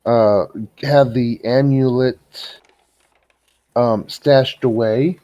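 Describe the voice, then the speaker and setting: Man player, very slow and mellow, dull and dry recording. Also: medium pitch, fairly even intonation, no room sound. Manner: slow and hesitant, many fillers. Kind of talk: playing a tabletop game.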